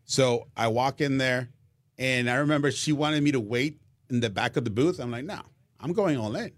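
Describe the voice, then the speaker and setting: Lively man. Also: mid-range voice, moderate pace, no room sound. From Mexico. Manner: lively storyteller, repeats words, laughs easily. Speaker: Spanish-language baseball broadcaster, guest. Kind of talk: casual radio interview.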